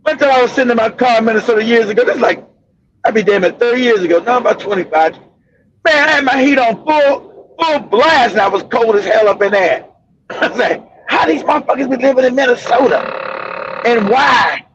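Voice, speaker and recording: Man, very high voice, loud profane storyteller, muffled audio. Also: expressive, fairly quick, a little hiss or hum. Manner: loud, laughing, swearing storyteller. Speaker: livestream host. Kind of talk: casual profane commentary.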